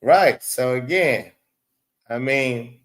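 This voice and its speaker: A man's voice: medium pitch, drawn-out words. A man hosting a live stream, rambling, profane and blunt as he talks back to his chat. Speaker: livestream host.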